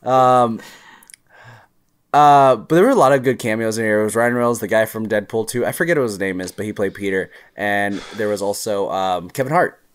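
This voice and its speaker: A man's voice: lowish voice, a little fast, clear, resonant tone. A man co-hosting a casual movie podcast, rambling and hesitant, swearing casually as he talks. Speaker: podcast co-host.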